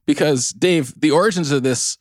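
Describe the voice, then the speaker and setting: A man's voice: fairly high pitch, moderate pace, dry recording, studio quality. A man co-hosting a podcast, chatting casually in an amused, teasing way. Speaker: podcast co-host. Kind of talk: casual chat.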